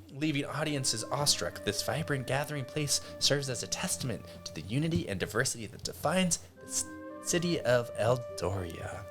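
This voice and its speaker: A man's voice: mid-range voice, pitched above the performer's own voice, natural voice. A man voicing a pompous male Dragonborn town official who gives a grand welcome speech as if reading from a script.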